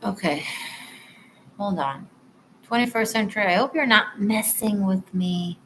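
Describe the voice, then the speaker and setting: Woman tarot reader, live stream, chatty and apologetic, mid pitch. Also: a little slow, long pauses, a little hiss or hum. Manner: chatty and apologetic, addresses viewers warmly.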